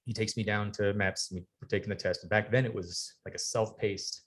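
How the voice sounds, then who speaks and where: Fast-talking man telling a story. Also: fairly low pitch. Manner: animated storyteller, acts out quoted people, swears freely. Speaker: podcast guest, retired Navy sailor. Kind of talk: casual storytelling interview. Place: podcast studio.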